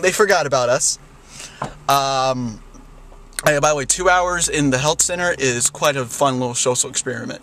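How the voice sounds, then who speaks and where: A man's voice: medium pitch, a bit bright, slight background noise. A young man telling a rambling story in a casual vlog, full of "like" and "you know", often laughing. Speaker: vlogger.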